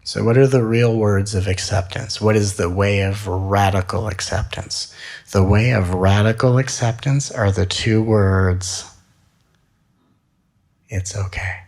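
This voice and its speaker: A man giving a spiritual talk, gentle and soothing, with slow repeated phrases. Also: fairly low pitch, fairly even intonation. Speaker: spiritual teacher.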